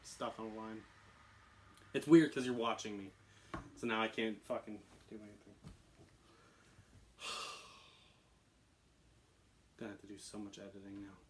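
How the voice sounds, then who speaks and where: A man's voice: on the low side, steady tone, slow, pauses often, slight background noise. A man hosting an airsoft video in a laid-back, casual way, swearing often and laughing at his own mistakes. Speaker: channel host reviewing airsoft guns. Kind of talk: casual scripted video talk with outtakes.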